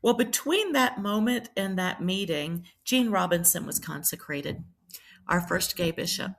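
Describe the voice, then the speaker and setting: Gravelly woman telling her story. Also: lowish voice, animated, unhurried. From Charleston, South Carolina. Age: middle-aged. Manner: reflective, many ums and restarts. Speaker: priest and nurse, guest. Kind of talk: personal storytelling in a podcast interview.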